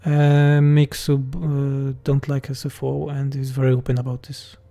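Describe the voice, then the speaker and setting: A man's voice: mid-range voice, monotone, measured pace, creaky, warm tone. A man from Poland with a Polish accent, a game mod developer reading chat questions aloud and answering them bluntly and jokingly on a livestream.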